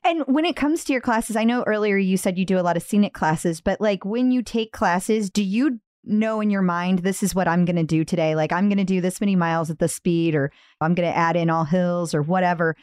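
An American woman co-hosting a podcast, asking lively questions and laughing often. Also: fairly low pitch, brisk, hardly any pauses, no room sound, studio quality. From United States. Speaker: podcast co-host. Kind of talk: casual podcast interview.

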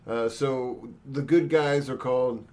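A man's voice: mid-range voice, fairly even intonation, measured pace, warm tone. A man hosting a casual chat, asking curious questions with brief reactions. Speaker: podcast host. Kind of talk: casual interview.

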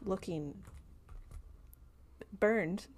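A woman's voice: medium pitch, extremely slow, darkish tone, a little hiss or hum. A woman narrating a tabletop game as game master, rambling with many fillers and laughing often.

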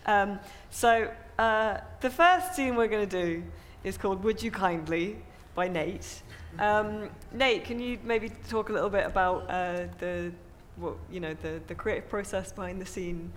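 High-voiced man hosting casually. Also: measured pace, few pauses, fairly bright tone, slight background noise. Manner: loose, hesitant. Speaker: host. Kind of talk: casual chat. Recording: reverberant room.

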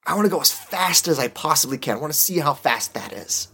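A man's voice: on the high side, animated, quick pace, bright, forceful tone, husky, full character voice. Eager earnest young man who loves running, played by a man in a tabletop game. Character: eager young male runner, simple and earnest.

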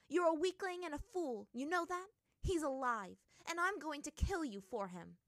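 A woman reading a story aloud, voicing a fierce young warrior princess who shouts in fury. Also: sits high, expressive, normal speed, no room sound, studio quality, voice pushed up. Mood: furious. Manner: shouting, furious.

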